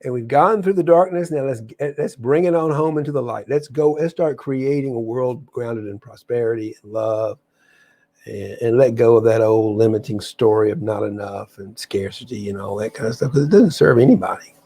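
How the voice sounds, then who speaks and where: A man's voice: mid-range voice, normal speed, dark tone. A man hosting a spiritual livestream, chatting casually and enthusiastically to viewers, rambling and often restarting his sentences. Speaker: livestream host.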